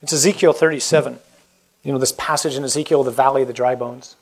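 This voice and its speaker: A man's voice: mid-range voice, steady tone, fast talker. A man who is a Catholic priest, giving an earnest, emphatic and informal talk that moves into a prayer. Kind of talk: conversational preaching and prayer.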